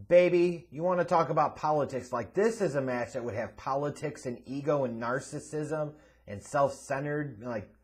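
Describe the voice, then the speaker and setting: A man with a slightly high voice hosts a casual Q&A rant. He reads out viewer questions and answers them bluntly and sarcastically, swearing a lot.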